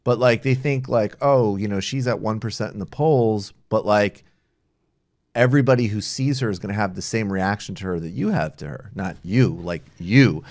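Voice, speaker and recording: A male podcast host in casual political chat, animated and swearing freely as he jokes. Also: fairly low pitch, moderate pace, no echo, clean studio sound.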